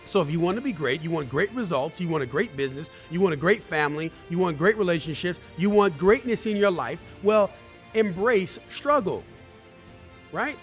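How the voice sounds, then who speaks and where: A man's voice: sits high, expressive, moderate pace, soft background music. A man giving a live motivational talk, emphatic and repeating his key phrases as he speaks straight to viewers. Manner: addresses viewers directly.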